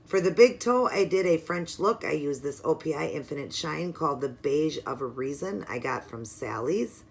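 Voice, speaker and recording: A woman's voice: low-pitched, animated, normal speed, vocal fry. A woman hosting her own nail art video, walking through her supplies step by step in a chatty, upbeat way. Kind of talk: casual tutorial narration.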